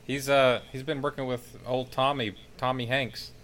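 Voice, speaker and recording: A man's voice: mid-range voice, flat delivery, normal speed, fairly bright tone. A man co-hosting a casual podcast, chatting about a film in a laid-back, agreeable way. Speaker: podcast co-host. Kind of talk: casual movie review chat.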